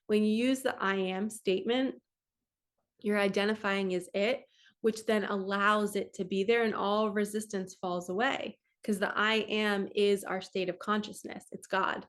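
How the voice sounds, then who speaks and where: A woman's voice: mid-range voice, steady tone, unhurried. A woman spiritual coach talking casually into her computer camera, reading passages aloud and commenting on them. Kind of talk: casual spiritual teaching vlog. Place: home, in front of a computer.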